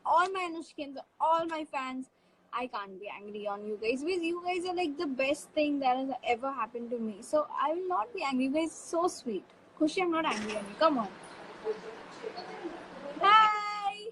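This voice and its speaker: Upbeat female live-streamer, high-pitched, reads comments aloud, faint background noise. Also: lively intonation, fairly quick, rough recording. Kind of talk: casual live-stream chat.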